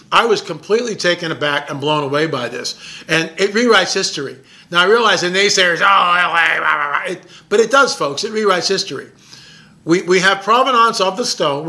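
A man with a fairly high, bright and forceful voice tells a story straight to the listener. He talks in a loose, excited way, pressing hard on his points and stumbling over repeated words as his thoughts race ahead. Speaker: documentary filmmaker. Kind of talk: casual storytelling monologue.

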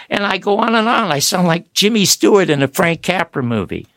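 An older man, a guest author, telling animated, rambling stories in an interview. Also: high voice, fairly quick, gravelly, hardly any pauses, no room sound. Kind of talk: storytelling interview.

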